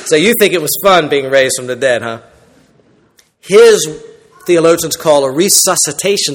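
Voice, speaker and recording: A man preaching an emphatic sermon as a pastor, swinging between loud declarations and quiet asides. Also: on the high side. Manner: emphatic preaching, rising and dropping in loudness. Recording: long reverb in a large hall.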